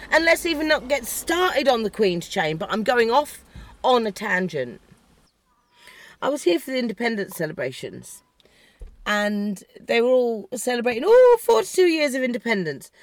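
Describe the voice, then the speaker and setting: A woman delivering an impassioned, blunt and profane political rant, heated and sarcastic. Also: on the high side. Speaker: political commentator. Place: in the country she discusses.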